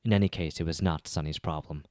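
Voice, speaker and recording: A man narrating a web novel as an audiobook reader, measured and even. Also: extremely low pitch, no echo, clean studio sound.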